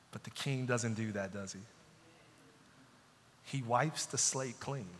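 A man's voice: medium pitch, takes it slowly, pauses often. A man preaching a sermon as pastor, building in intensity and dropping into pleading asides. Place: church sanctuary. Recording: long church reverb.

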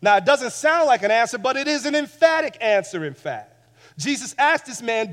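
A male pastor preaches with a high voice, driving home repeated phrases. He drops to near-hush, then swells loud again. His clip-on mic sits in a church hall with a long, lingering reverb. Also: big pitch swings, moderate pace. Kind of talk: sermon. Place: church sanctuary.

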